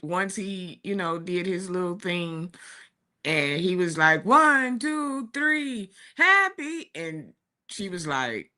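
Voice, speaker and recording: Woman, 40s, talk show chat, slow and bright, laughs through her stories. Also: fairly low pitch, steady tone. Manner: chatty, warm storytelling with laughs and asides. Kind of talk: casual chat. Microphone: streaming studio mic.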